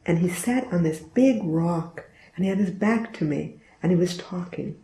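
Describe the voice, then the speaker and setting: An older woman recounts a story from her own life, earnest and reflective. Her voice sits low and gravelly, with a mellow, dark tone. The sound is roomy, with a clear echo around her. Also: normal speed. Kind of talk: personal storytelling.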